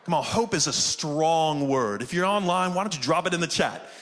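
A man's voice: fairly high pitch, normal speed, a bit bright, in a large hall. A pastor preaching a conversational sermon to his congregation, calling for responses from the pews and from viewers online. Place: church sanctuary, also streamed online.

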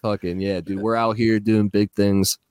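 A man in his thirties, high, hosting a casual podcast chat, swearing a lot and ending lines with "dude". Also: level tone, moderate pace, a little mellow, clean tone, no room sound, studio quality. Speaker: podcast co-host.

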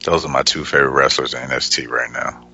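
A man's voice: extremely low pitch, fairly even intonation, quick pace, vocal fry, pushed and bright, dull audio. A man co-hosting a podcast, chatting casually with easygoing, joking banter. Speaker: podcast co-host. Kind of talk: casual chat.

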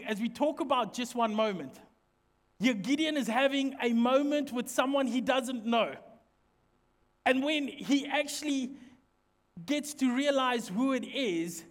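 A middle-aged man, preaching a lively sermon in a church and joking with the congregation. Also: very high voice. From South Africa. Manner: lively, joking, with lots of direct questions to the congregation. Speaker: pastor. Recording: echoey church hall reverb.

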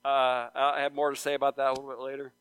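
Earnest pastor preaching, smooth voice. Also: male voice, medium pitch, completely flat delivery, fast talker. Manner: earnest, repeats phrases for emphasis, rises to loud appeals. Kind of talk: sermon. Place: church sanctuary.

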